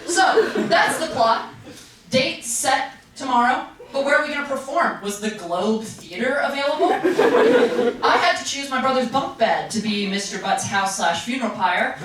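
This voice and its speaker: Young female stand-up, lively high voice, roomy distant live recording with loud laughing crowd. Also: normal speed. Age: young adult. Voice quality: animated, self-mocking delivery with sudden pitch jumps. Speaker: stand-up comedian. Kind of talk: stand-up comedy set. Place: comedy stage with live audience.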